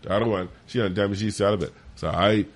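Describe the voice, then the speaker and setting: A man telling a story in casual chat, animated and profane. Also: fast. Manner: animated, profane, jumps high when quoting. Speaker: podcast co-host.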